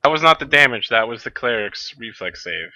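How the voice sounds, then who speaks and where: A man's voice: medium pitch, lively intonation, brisk, bright, forceful tone, dry recording, lo-fi sound. A man narrating as game master of a tabletop game, giving matter-of-fact rulings.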